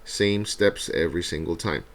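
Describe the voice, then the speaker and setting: A man with a deep voice and some vocal fry explains a math problem one step at a time. He teaches in a recorded review video and keeps checking in with his viewers. His tone stays conversational and patient. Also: normal speed. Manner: talks through each step, often adds "right?".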